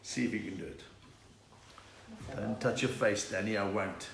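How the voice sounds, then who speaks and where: His voice is gravelly, a bit bright and on the low side, delivered at normal speed. The middle-aged man hosts a laid-back live stream at home, joking and greeting viewers by name as he reads their greetings. There's a roomy echo and faint noise.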